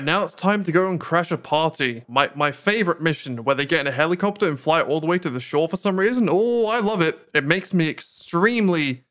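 A man's voice: a little high, a bit bright. A young man giving sarcastic gameplay commentary and talking back to game characters. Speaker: gaming YouTuber.

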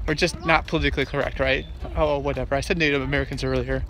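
A man's voice: medium pitch, level tone, fast talker, a bit bright, a little hiss or hum. A middle-aged man vlogging on a hike, joking and teasing himself in a playful, casual way. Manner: joking, self-mocking, playful. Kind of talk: casual vlog chat. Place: outdoors at a state park.

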